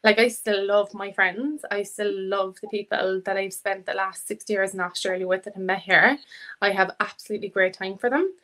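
A woman's voice: medium pitch, steady tone, normal speed, a bit bright. A woman chatting casually as a podcast guest, laughing often and acting out what people said. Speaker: fitness academy student, guest.

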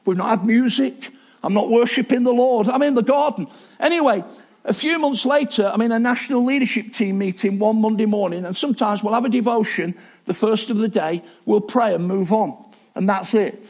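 A man's voice: sits high, fairly quick, darkish tone. A man preaching a sermon in a chatty, self-deprecating way, with asides and restarts.

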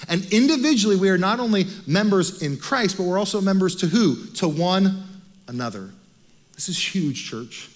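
An American man preaches a sermon in a high, ringing voice. He talks to the congregation in an animated, conversational way and keeps putting rhetorical questions to them. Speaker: pastor.

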